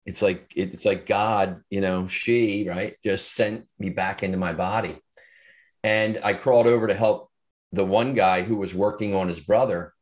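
A man's voice: low voice, steady tone, unhurried. A middle-aged man, a podcast guest, earnestly recounting a personal story in a reflective way with frequent fillers and restarts. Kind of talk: interview storytelling.

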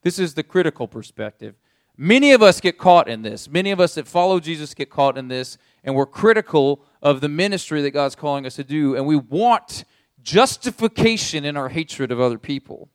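Speaking directly to his listeners, a man preaching as a pastor brings the story to life with animated second-person narration. His voice is a little high and his pace brisk. The audio is studio quality with no echo.

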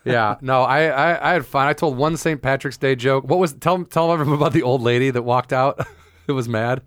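A man's voice: mid-range voice, normal speed, no room sound, studio quality. A man co-hosting a podcast as a comedian, telling crude stories with acted-out quotes in a casual chat.

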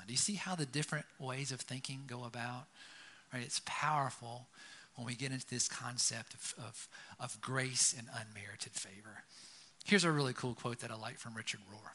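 This pastor's sermon is conversational and story-driven, punctuated by frequent "right?" checks with his audience. He speaks at a medium pitch and moderate pace, his voice pushed and bright.

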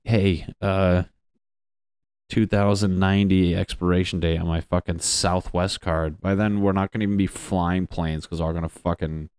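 A young man from Connecticut with a low, deep voice rambles through a casual, profane monologue. He jokes and meanders from one thought to the next, recorded close and dry with no room sound. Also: a little mellow, clear, resonant tone, dry recording. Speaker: vlogger.

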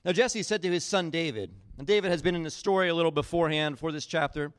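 A man preaching a sermon, retelling a Bible story in a casual, animated way with acted-out quotes. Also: a little high, fast, dry recording. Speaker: pastor.

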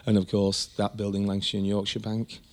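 A man's voice: on the low side, completely flat delivery, fairly quick, a little mellow, slight background noise. A man, a tour guide talking eagerly about local buildings with many restarts. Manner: enthusiastic, rambling with many restarts. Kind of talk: conversational architectural history chat.

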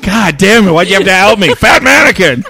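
A man's voice: sits high, lively intonation, a little fast, vocal fry, pushed and bright, faint music behind. A man co-hosting a podcast, ranting and swearing in casual chat. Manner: profane, ranting. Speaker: podcast co-host.

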